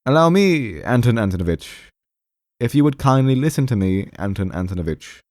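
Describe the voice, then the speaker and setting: A man's voice: medium pitch, sing-song, normal speed, a little mellow, no room sound, studio quality, voice pushed up, lightly acted. A man reading an audiobook, voicing a timid, anxious male clerk who pleads in a trembling voice and keeps repeating the name of the man he addresses. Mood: pleading timidly.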